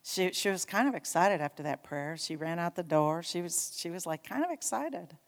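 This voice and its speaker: A woman preaching a sermon, telling a story with animated emphasis and urging her congregation on. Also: fairly low pitch, normal speed, big-room sound. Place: church sanctuary.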